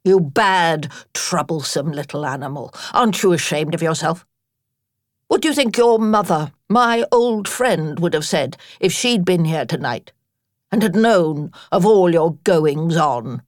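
A woman's voice: lowish voice, animated, takes it slowly, darkish tone, dry recording. A woman voicing a grave, stern older female badger in a storybook reading, dry and severe.

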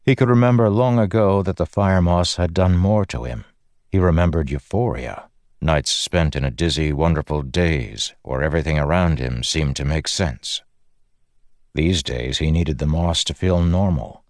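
A man giving measured, scripted narration of a fantasy audiobook. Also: extremely low pitch, a little mellow, no room sound, studio quality.

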